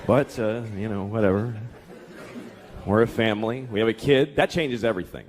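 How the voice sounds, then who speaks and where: A man's voice: fairly low pitch, normal speed. A man in his thirties doing stand-up comedy, profane and exasperated, sometimes acting out voices. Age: 30s. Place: comedy club stage before a laughing crowd. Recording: live club recording with crowd noise.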